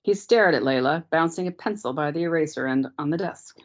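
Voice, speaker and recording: A woman teacher reading a novel aloud to a class in a steady, measured way, on dull lo-fi meeting audio. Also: deep voice.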